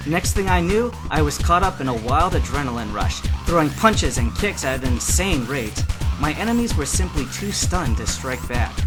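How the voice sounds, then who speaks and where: A man giving a lively, expressive first-person reading of a fan fiction adventure. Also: a little high, normal speed, over music.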